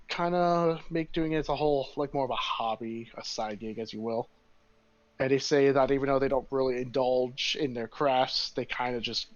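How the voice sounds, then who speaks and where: A man's voice: medium pitch, highs cut off. A man narrating a tabletop game as game master in a casual, rambling way.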